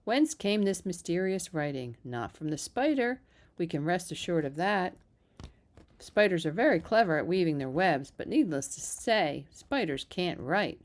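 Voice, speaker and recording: A woman reading a children's novel aloud in a steady, even narrating voice, with a few small slips. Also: fairly low pitch, measured pace. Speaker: reader. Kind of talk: storybook read-aloud.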